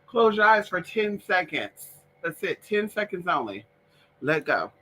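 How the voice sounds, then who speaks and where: Chatty bright-voiced man, playful drawl. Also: high-pitched, very animated, measured pace, rough recording. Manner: chatty and playful, talks to pets and viewers. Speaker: vlogger doing a live stream. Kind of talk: casual live chat with viewers.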